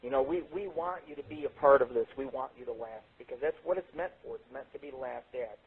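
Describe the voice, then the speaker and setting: A man hosting a late-night internet radio show, telling rambling, profane stories with sudden jumps in pitch. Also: fairly quick, slightly rough. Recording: tinny phone-like sound.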